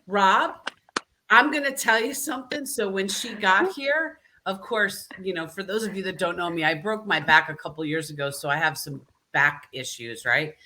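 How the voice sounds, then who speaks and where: A woman hosting a live video chat, animated and talkative, often tagging her points with "right?". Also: on the low side, normal speed. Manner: animated, frequent "right?" tags. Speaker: host. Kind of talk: casual live-stream chat.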